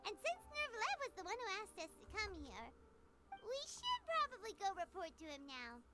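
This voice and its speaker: A woman voicing a tiny, chirpy floating fairy companion girl in a video game, childlike and squeaky, who talks about herself by name. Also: huge pitch swings, normal speed, over loud music, heavily acted.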